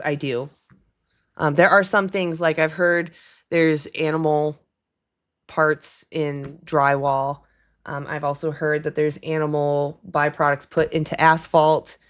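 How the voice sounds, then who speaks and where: A young woman talking casually on her livestream, chatty and quick to laugh as she answers commenters. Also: sits low. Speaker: livestream host. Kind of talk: casual live-stream chat.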